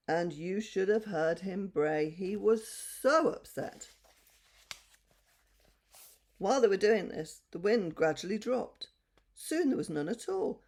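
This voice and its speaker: An older woman reading a bedtime story aloud to children, gentle and expressive. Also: on the low side, gravelly.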